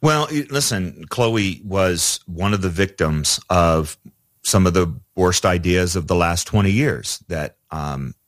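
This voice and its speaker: A man's voice: low-pitched, lively intonation, takes it slowly, dry recording, studio quality. A man speaking as a radio interview guest, earnest and conversational, with frequent fillers and restarts. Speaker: radio guest, ministry president.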